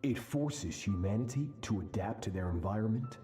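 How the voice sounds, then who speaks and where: A man playing a cold, deep-voiced sword master. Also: animated, warm tone, roomy sound, soft background music, natural voice. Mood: solemn. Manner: cold, measured, commanding. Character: stern cruel male sword master. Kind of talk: video game cutscene dialogue.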